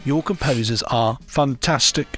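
A man's voice: mid-range voice, measured pace, soft background music. A man co-hosting a podcast, talking in an enthusiastic, rambling, chatty way. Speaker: podcast co-host. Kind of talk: casual chat.

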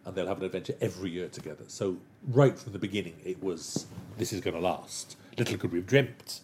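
Male interview guest, low-pitched, eager storyteller who rattles along quickly. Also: background noise. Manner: animated, enthusiastic and rambling. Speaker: guest, television writer. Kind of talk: casual interview chat.

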